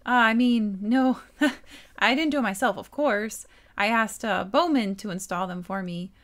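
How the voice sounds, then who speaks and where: A woman voicing a shy, earnest young woman from a video game, speaking in a hesitant, halting way. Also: mid-range voice, a bit bright, natural voice. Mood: flustered. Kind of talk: reading game dialogue aloud.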